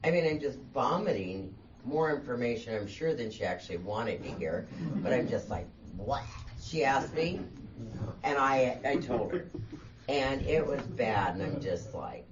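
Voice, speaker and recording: A woman's voice: rumbling low, animated, a little slow. A woman guest speaker telling her own story at a meeting, candid and self-mocking, laughing as she talks. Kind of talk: personal storytelling talk. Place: meeting room. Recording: distant, dull, faint room hiss.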